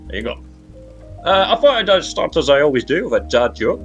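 A Geordie man hosts a silly comedy podcast. His voice swings up and down as he jokes, and he breaks into excited exclamations. Music plays faintly behind him. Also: fairly high pitch, fairly quick, lo-fi sound. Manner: lively, jokey, swings into big excited exclamations. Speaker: podcast host. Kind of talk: comic podcast banter.

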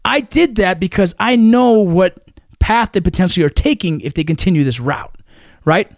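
A man's voice: sits high, lively intonation, moderate pace, gravelly, dry recording, clean studio sound. A man in his thirties or forties, a military veteran guest talking in a blunt, profane, emphatic way in casual conversation.

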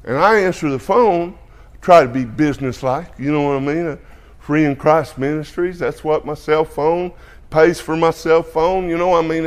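Higher-voiced folksy preacher man. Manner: folksy, peppers speech with "amen" and "hallelujah". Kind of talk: sermon testimony to a congregation.

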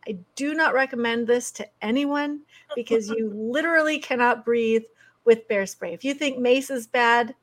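A middle-aged woman guest telling stories in conversation, animated and laughing often. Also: fairly high pitch, moderate pace. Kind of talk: conversational storytelling.

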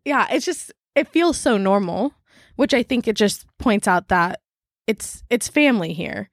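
A woman's voice: medium pitch, unhurried, dry recording. A young woman chatting casually as a guest in a studio, telling stories with lots of laughter and acted-out quotes. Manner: animated storyteller, laughs often, acts out quotes. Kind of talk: casual chat.

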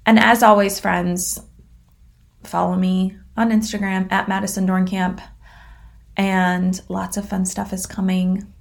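A woman's voice: mid-range voice, flat delivery, unhurried, gravelly. A young adult woman hosting a casual motivational solo podcast. She talks in a chatty, upbeat and encouraging way, with frequent fillers and the odd swear word. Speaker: podcast host.

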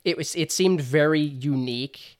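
A man's voice: on the high side, moderate pace. A man co-hosting a casual fan discussion podcast, speaking enthusiastically with frequent hedging fillers. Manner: enthusiastic, many "kind of" hedges. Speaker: podcast co-host.

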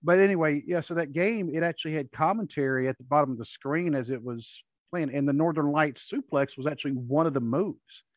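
A man's voice: a little high, fairly quick, few pauses, dry recording, lo-fi sound. A man co-hosting a casual podcast, rambling and restarting as he talks through an old match. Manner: rambling, with frequent restarts and laughs. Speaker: podcast co-host. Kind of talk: casual watch-along chat.

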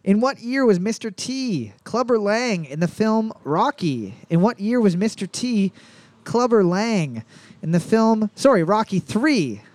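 A man with a high voice hosts a casual trivia session. He reads each question slowly and twice, then trades jokes. The sound is close and dry, with no room around it. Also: big pitch swings, a little mellow, no echo. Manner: joking, reads questions twice, slows down to read. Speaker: quiz host. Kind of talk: casual comedic trivia chat.

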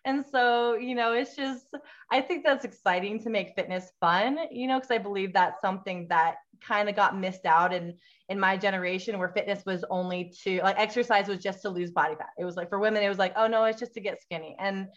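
An earnest woman guest speaking at a middling pitch, leaning often on "you know" as she goes. Her voice comes over an online call that sounds dull and lo-fi. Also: fairly quick. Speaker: guest, mother of daughters. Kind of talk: casual interview chat.

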